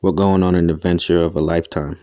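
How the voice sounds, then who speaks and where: A domineering, scheming young woman who gives orders in a smug, level way, as a man with a low, dark voice reads her lines. The delivery stays flat and even, and the recording is close and dry. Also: quick pace, dry recording, dull audio, lightly acted.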